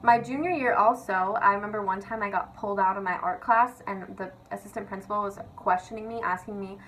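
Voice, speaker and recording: A woman's voice: mid-range voice, fairly even intonation, brisk, a bit bright, a little hiss or hum, poor audio. A young woman vlogger rants casually and confessionally, chatty and sweary, leaning on "like" and "literally". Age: young adult.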